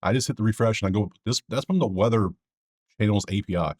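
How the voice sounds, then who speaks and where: Casual betting host, man, low voice, dry close mic, chatty and digressive. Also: fast, darkish tone, no echo. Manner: rambling, joking asides to viewers.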